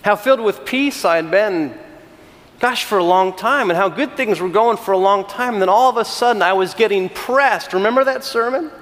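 A middle-aged man from California, a senior pastor giving a conversational sermon with animated, self-deprecating storytelling and frequent restarts. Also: high-pitched, normal speed, big-room sound.

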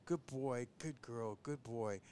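A man who trains bird dogs, chatting on a podcast and giving tips, who often acts out owners and dogs in a higher voice. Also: slow, slight background noise. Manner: animated, mimics owners and dogs in a high voice. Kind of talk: casual podcast chat.

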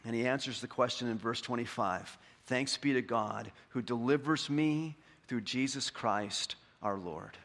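The sermon comes from a male pastor with a mid-range voice. He swells to fervent, emphatic climaxes, then turns quiet and unhurried to read scripture.

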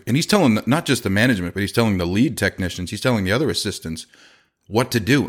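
A middle-aged man with a low, deep voice tells workplace stories in a relaxed podcast chat. He slips into quoted dialogue and laughs easily between points. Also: fast. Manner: conversational, laughs often, acts out quoted dialogue. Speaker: podcast host and business owner. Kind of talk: casual storytelling.

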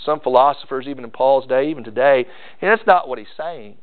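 A man's voice: mid-range voice, fairly quick. A male pastor preaching a sermon in a folksy, emphatic way, repeating key phrases. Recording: tinny phone-like sound.

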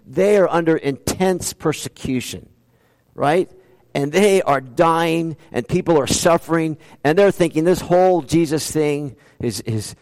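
A man's voice: medium pitch, a little mellow, in a large hall. A man preaching a sermon as pastor, earnest, asking rhetorical questions and repeating key phrases for emphasis.

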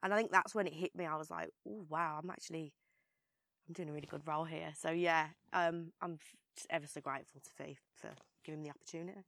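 A young woman with a strong Birmingham accent talks about her work as a guest in an interview. Her voice sits a little low, and she speaks in a chatty way, full of fillers and restarts. The recording is dry and close. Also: steady tone, quick pace, vocal fry, a bit bright, dry recording. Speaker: actress, guest. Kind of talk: casual interview chat.

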